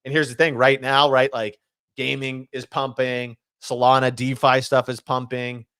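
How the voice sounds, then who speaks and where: A man's voice: mid-range voice, little pitch movement, normal speed, pushed and bright, clear, resonant tone, no echo. A man co-hosting a casual podcast chat, talking loosely with lots of fillers and restarts. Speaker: podcast co-host.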